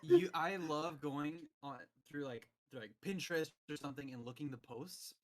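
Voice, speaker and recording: A young man in casual chat over a voice call, telling stories with animated energy and acting out the lines he quotes. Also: a little high, normal speed. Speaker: podcast host.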